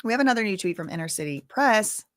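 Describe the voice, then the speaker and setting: Brief: woman, live-stream commentary host, conversational and digressive, mid-pitched, dry close sound. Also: lively intonation, fast, no room sound. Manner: casual, chatty, rambling asides. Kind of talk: live news commentary reading updates.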